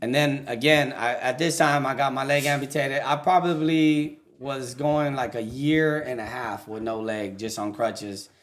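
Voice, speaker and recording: A man's voice: medium pitch, measured pace, hardly any pauses. A young adult man, a podcast guest telling his life story in candid, profane casual talk and laughing through it.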